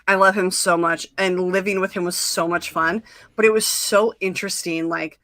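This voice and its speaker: Bright chatty young woman host. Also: on the low side, fairly even intonation, normal speed, dry recording. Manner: chatty, many fillers and quoted asides. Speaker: podcast host. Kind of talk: casual chat.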